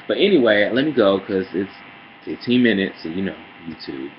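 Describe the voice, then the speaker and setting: A man ranting sassily in a casual vlog, calling listeners girl and honey, heated and swinging between mutters and loud outbursts. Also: low-pitched, animated, moderate pace, highs cut off, a little hiss or hum. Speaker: vlogger. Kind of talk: casual opinion rant.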